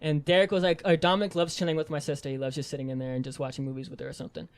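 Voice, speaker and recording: A young man co-hosting a podcast, telling family stories in a loose, swearing, animated way. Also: on the high side, smooth. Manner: fast, swearing, animated storytelling. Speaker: podcast co-host. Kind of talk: casual chat.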